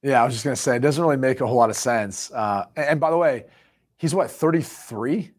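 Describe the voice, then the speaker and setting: A man's voice: medium pitch, fast talker. A man in his thirties co-hosting a sports talk show, telling a rambling story in casual chat and laughing mid-sentence. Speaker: co-host.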